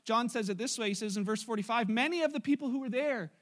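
A man's voice: very high-pitched, fast talker, a bit bright. A man preaching a sermon in church, retelling a Bible story in a casual, joking way to his congregation. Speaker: pastor.

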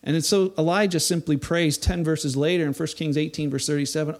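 A man giving a sermon as a pastor, animated, acting out the voices of people he quotes. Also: a little high, fairly quick, hardly any pauses.

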